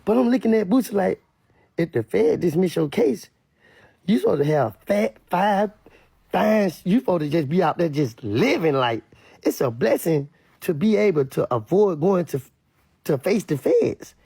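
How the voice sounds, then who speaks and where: Gravelly Louisiana man ranting bluntly. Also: high voice, animated, normal speed, warm tone, no room sound. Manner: blunt, emphatic, repetitive. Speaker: online commentator. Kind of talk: casual commentary rant.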